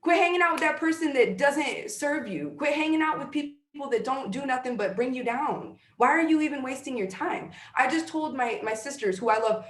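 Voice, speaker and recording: A woman's voice: high-pitched, animated, moderate pace, few pauses, fairly bright tone. A woman speaking as an interview guest, giving emphatic, preachy motivational talk and repeating her key phrases for weight. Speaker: guest, sales team leader. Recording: roomy echo.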